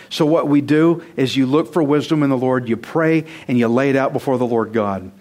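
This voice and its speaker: A man's voice: medium pitch, a little fast, hardly any pauses, a little mellow. A male pastor preaching a sermon, emphatic and conversational, firing rhetorical questions straight at his congregation. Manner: conversational, direct address to the congregation.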